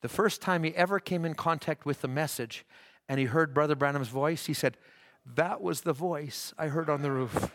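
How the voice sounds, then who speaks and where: Male pastor, fervent church sermon, slightly high voice, builds to shouts. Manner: fervent, rising to shouts, halting restarts.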